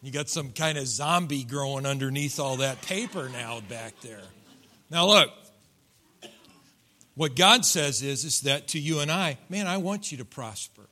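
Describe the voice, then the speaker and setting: A man's voice: mid-range voice, measured pace, sharp tone. A middle-aged man preaching a sermon in a church, folksy and joking, acting out voices from his congregation. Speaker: pastor. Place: church sanctuary.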